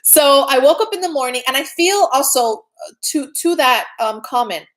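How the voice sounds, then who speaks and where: A woman's slightly higher voice carries this relaxed spiritual talk. She sounds middle-aged, earnest and conversational, and keeps checking in with her listeners. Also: moderate pace. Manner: earnest, chatty, often adds "right?". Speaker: spiritual teacher. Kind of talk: casual spiritual talk to viewers.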